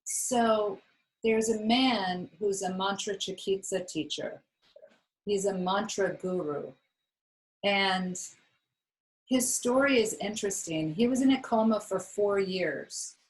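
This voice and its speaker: A woman's voice: mid-range voice, slow, poor audio. A woman yoga teacher talking her class through a practice in a chatty, rambling way with lots of fillers. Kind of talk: casual yoga class talk.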